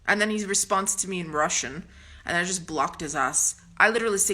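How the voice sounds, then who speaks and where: A woman's voice: medium pitch, fairly quick, sharp tone. A woman talking to her channel in a blunt, profane, confrontational rant, restarting her sentences as she goes. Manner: ranting with frequent restarts. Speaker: vlogger. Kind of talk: profane monologue to camera.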